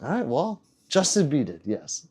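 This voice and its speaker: A man's voice: a little high, wildly swooping pitch, normal speed, warm tone, husky. A man livestreaming, reading out chat messages and teasing viewers in a loose, rambling, joking way.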